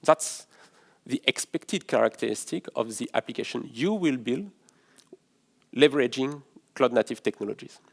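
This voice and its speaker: French-accented man, middle-aged, mid-pitched, halting conference presenter who often restarts his phrases. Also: animated, creaky. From France. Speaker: conference speaker, developer advocate. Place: in-person conference session room.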